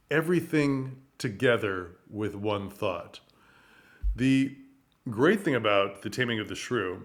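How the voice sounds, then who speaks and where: A man teaching theatre, explaining commedia style and acting out short lines and gestures as he goes. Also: mid-range voice. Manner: animated, acts out lines and gestures. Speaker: theatre director. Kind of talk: casual teaching monologue.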